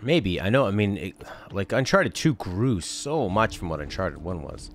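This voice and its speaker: Playing through a video game, a young man gives casual let's-play commentary in a low, sing-song voice at normal speed, with a little hiss or hum in the recording. The gaming host rambles, chats and jokes along the way.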